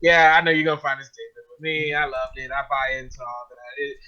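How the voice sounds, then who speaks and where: A man's voice: mid-range voice, steady tone, fast, pushed and bright. A man co-hosting a casual chat, recapping events with enthusiasm. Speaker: podcast co-host. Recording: dull lo-fi sound.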